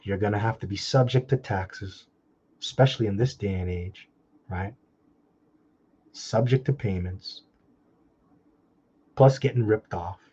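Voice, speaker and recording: A man delivers a casual preacher-style talk in a mellow, husky voice. He scolds bluntly and reads scripture slowly and deliberately. The recording sounds dull and lo-fi. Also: fairly low pitch. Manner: blunt, scolding, mocking asides; slow, drawn-out scripture reading. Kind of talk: informal scripture commentary.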